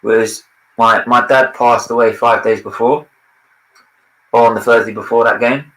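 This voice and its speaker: Young host, bright and punchy voice, excitable sweary banter. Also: male voice, mid-range voice, a little slow, reverberant, low-quality recording. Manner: sweary, excitable, laughs often. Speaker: watchalong host. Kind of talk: casual football banter.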